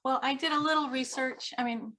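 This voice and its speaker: A woman's voice: high-pitched, steady tone, brisk, sharp tone. A woman co-hosting a talk show in casual, chatty conversation. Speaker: co-host. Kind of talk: casual chat.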